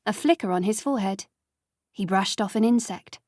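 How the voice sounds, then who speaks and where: A woman reading an audiobook as narrator, in measured, even storytelling. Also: mid-range voice, no room sound, clean studio sound. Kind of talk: scripted narration.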